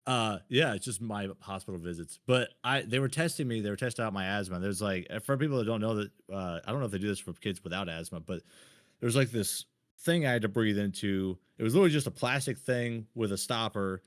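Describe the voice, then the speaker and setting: Man, thirties, low voice, dry close sound, blunt, swears a lot, casual storytelling. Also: quick pace, no room sound. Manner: blunt, swears freely, self-mocking. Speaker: podcast co-host.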